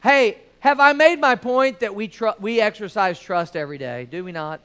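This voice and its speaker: A man in his forties preaching to his church in a high, smooth, clear voice. He talks in an easy, joking way and keeps asking the congregation for an amen. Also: animated, moderate pace, few pauses, pushed and bright. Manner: conversational, joking preacher with audience call-outs. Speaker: pastor. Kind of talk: sermon. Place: church sanctuary with balcony.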